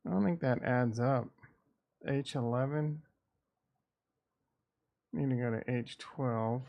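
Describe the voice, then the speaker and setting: A man from the Midwest talks slowly and loosely on a market livestream, with a gravelly, fry-edged voice. He rambles and thinks aloud, tossing in irreverent asides. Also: mid-range voice, darkish tone. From American Midwest. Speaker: crypto and stock market streamer. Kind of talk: casual livestream chat.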